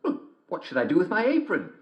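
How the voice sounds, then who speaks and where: A man putting on a naive storybook little girl in a high, piping girlish falsetto, pitched far above his own voice. The sound is slightly dull and lo-fi. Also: huge pitch swings, brisk, roomy sound.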